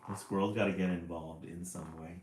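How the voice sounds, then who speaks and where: A man's voice: low voice, fairly even intonation, fairly quick. A man reading a picture book on a livestream, amused and laughing often between pages. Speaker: livestream reader. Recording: roomy echo, faint noise.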